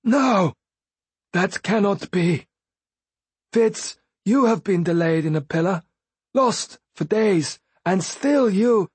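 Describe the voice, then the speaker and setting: A man voicing a blind, bitter, desperate male former tumbler in an audiobook, with a high, strained voice and an intense, pleading way of talking. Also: animated, slow, husky, no echo, full character voice. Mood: anguished.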